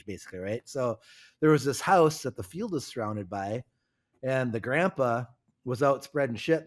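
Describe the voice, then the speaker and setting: A man co-hosting a podcast, telling stories in a lively, casual and profane way. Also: mid-range voice. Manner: animated storyteller, casual and profane. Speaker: podcast co-host.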